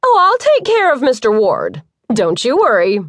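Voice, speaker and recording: A confident young woman construction boss, as a woman narrator acts her out, brisk and teasing, her voice lifting higher and brighter than the narration. She talks with quick, bossy warmth in a dry, close audiobook recording. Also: wildly swooping pitch, no room sound.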